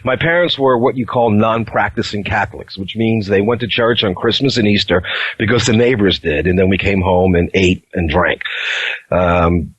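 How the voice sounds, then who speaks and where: A middle-aged man from New York telling his life story as a podcast guest in a wry, unhurried way. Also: fairly low pitch, husky, no echo. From New York, USA. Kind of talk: casual storytelling interview. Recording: dull, lo-fi line.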